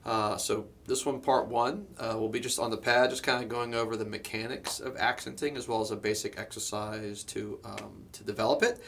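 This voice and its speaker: A man giving a drum lesson, explaining step by step in a relaxed way, with frequent fillers and "okay?" check-ins. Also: fairly low pitch, normal speed, gravelly, few pauses, slight background noise. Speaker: drum teacher. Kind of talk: instructional lesson.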